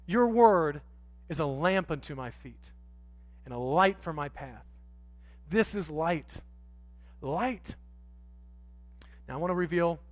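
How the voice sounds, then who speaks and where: A man preaching a sermon in church, swinging from quiet asides to loud, drawn-out emphasis and acting out voices of street sellers and pleading sinners. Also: a little high, dry recording. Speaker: pastor. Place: church sanctuary.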